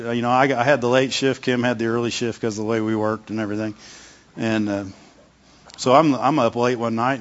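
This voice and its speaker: A middle-aged male pastor giving a conversational sermon, often repeating words and asking the congregation "Amen?". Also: mid-range voice. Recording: long hall reverb, dull lo-fi sound.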